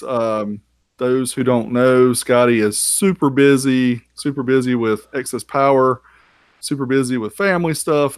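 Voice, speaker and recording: A man's voice: medium pitch, no echo. Upbeat male podcast co-host, dry sound. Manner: upbeat, welcoming, moves the show along. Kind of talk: live-streamed casual interview.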